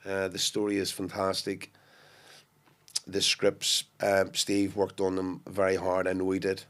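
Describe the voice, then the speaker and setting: A man with a Belfast accent, an actor guesting on a casual podcast, speaks low and at a measured pace. His storytelling is lively, full of acted-out quotes and frequent restarts.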